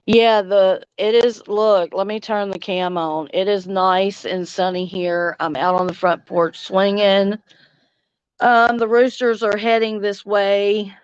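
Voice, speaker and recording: A middle-aged woman from Louisiana with a Southern accent, chatting casually on a livestream and reading comments, slow and drawling, laughing often. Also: mid-range voice, fairly even intonation, clear, resonant tone, dry recording, muffled recording. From Louisiana, United States. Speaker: livestream host. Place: outdoors on a front porch swing.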